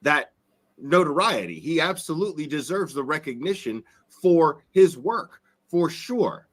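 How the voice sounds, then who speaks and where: A man's voice: on the high side, big pitch swings, a little slow, a bit bright. A man giving earnest opinion commentary in a played clip, repeating himself and stumbling over words.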